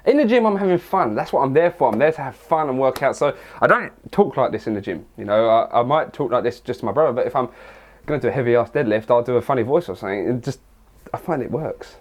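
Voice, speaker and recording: A man's voice: mid-range voice, big pitch swings, quick pace. A young English man answering viewer questions in a casual vlog, rambling and crude with lots of jokes. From England. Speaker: fitness vlogger.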